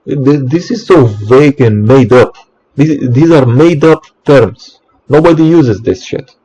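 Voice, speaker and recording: A man's voice: medium pitch, lively intonation, measured pace, dark tone, husky, soft background music, poor audio. A man, an electrician, in an exasperated ranting monologue, swearing often and stumbling over restarts.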